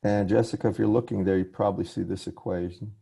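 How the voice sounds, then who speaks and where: Talking fast with fairly even intonation, a man lectures on a video call using his computer's mic; his voice is on the low side, warm, slightly rough, with vocal fry. As a professor, he repeatedly stops to correct himself and apologize.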